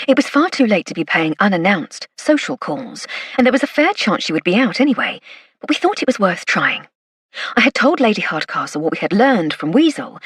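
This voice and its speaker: A woman narrating a first-person mystery audiobook in a brisk, wry manner. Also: mid-range voice, slightly rough, no room sound. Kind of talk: scripted narration. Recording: dry close studio read.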